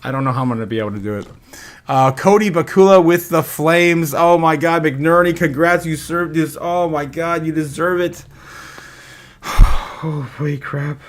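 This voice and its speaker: A man hosting a live stream. He talks in an excitable way, laughs often, and stammers and repeats himself. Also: a little high, normal speed. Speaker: crypto livestream host.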